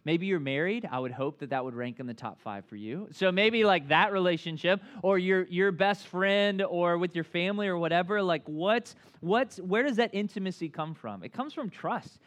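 Chatty man preaching in his thirties. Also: high-pitched. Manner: conversational, filler-heavy, asks the crowd often; self-deprecating humor. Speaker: pastor. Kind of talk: sermon.

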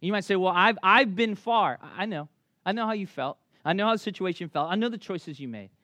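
A Memphis, Tennessee pastor in his thirties, with a thick Southern accent and a high voice, preaches a conversational sermon full of stories. His telling is animated, with quick restarts, and the recording is dry.

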